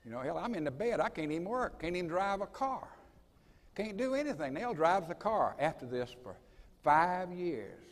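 A man leads a school assembly in a folksy, dramatic manner. His voice sits a little high and moves up and down a lot. The long reverb of a large hall trails after every phrase. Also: very animated, normal speed. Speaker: college president. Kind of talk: assembly speech with personal storytelling.

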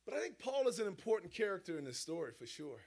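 A man preaching an animated sermon, with rhetorical questions and playful sound effects. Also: sits high, quick pace.

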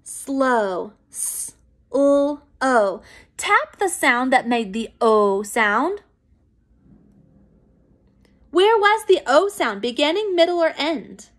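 A woman teacher giving a recorded phonics lesson to young children, encouraging and clear. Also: sits high, big pitch swings, a bit bright. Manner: slow, clear, encouraging classroom pacing.

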